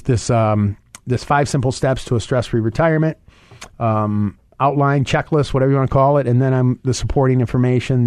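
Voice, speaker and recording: A man hosting a financial advice radio show, talking fast and rambling, with many restarts and fillers. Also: mid-range voice, darkish tone, no echo, clean studio sound. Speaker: radio show host and investment advisor.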